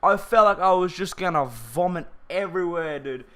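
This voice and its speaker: A man's voice: sits high, expressive, moderate pace, sharp tone. A man telling a personal story for his vlog in a rambling, slangy way, restarting his sentences often.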